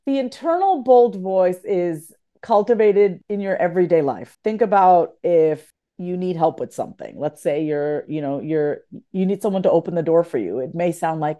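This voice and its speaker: A woman guest author talking in a podcast conversation, animated and emphatic, repeating phrases for emphasis. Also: lowish voice, normal speed, few pauses.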